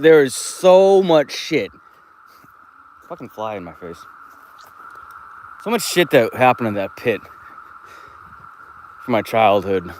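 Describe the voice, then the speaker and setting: A man's voice: medium pitch, a little hiss or hum. Rambling man streaming on a walk. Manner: rambling, laid-back, swears freely. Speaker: live streamer. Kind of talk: casual rambling live stream. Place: outdoors, walking through a park and woods.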